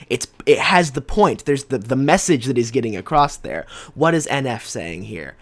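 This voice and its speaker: A man's voice: a little high, normal speed, hardly any pauses. A young man giving an opinionated, argumentative commentary on rap lyrics and quoting lines as he goes. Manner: animated and argumentative, quotes lyrics. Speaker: music commentator.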